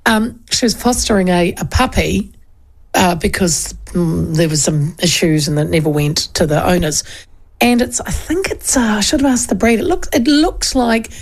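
Nz woman telling a yarn on a chat show, acts out the voices, bit of fry in it. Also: mid-range voice, normal speed. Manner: animated storyteller, acts out quoted voices. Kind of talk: casual chat.

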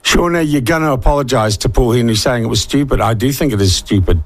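A man's voice: mid-range voice, quick pace, no room sound. A man hosting talkback radio, wry and breezy, cutting in on callers. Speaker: radio host.

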